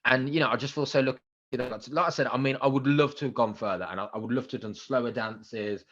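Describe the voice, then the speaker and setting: Man telling lively, fast anecdotes. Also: medium pitch, dull audio. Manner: animated anecdotes with acted-out quotes and excited outbursts. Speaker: guest, radio presenter. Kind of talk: casual interview storytelling.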